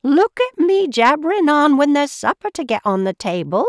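A woman's voice: high voice, very animated, dry recording, pitched above the performer's own voice. Kindly storybook teapot housekeeper, soothing and fussy, dry close sound, put on by a woman reader. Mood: comforting. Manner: slow, fussing and soothing. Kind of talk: storybook reading.

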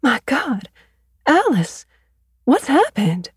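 A woman's voice: high voice, wildly swooping pitch, slow pace, no room sound, studio quality, voice pushed up, exaggerated voice. A woman reading an audiobook, voicing a fussy, gushing middle-aged mother who talks in a prim way.

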